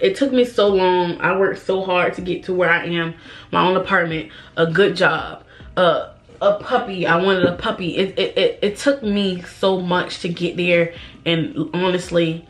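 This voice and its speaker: Tearful young woman talking haltingly. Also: fairly low pitch, fairly even intonation, soft background music. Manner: halting, emotional, repeats herself, sighs. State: holding back tears. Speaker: beauty vlogger. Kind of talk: get-ready-with-me chat.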